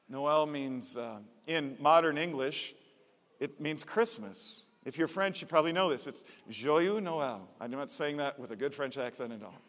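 A man's voice: a little high, fairly bright tone, long reverb tail. A man preaching a sermon as pastor, speaking in an earnest, conversational way that repeats phrases for emphasis.

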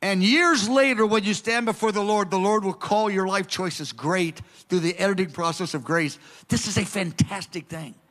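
A man preaching a sermon with passion, moving between loud urgings and soft, hushed prayer. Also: high voice, normal speed, hardly any pauses.

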